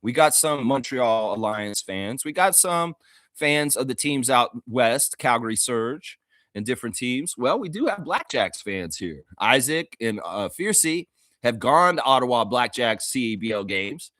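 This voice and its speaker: Excitable man with a lively voice. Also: unhurried, no room sound, clean studio sound. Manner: excitable, laughs often, mimics players and fans in high voices. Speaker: host of a fan show. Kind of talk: casual fan talk stream.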